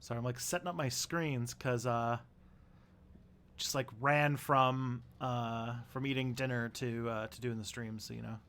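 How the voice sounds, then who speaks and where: A man's voice: medium pitch, fairly even intonation, a little slow, a bit bright, a little hiss or hum. A man hosting a casual live stream, chatting in a rambling, easygoing way to his viewers. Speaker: livestream host.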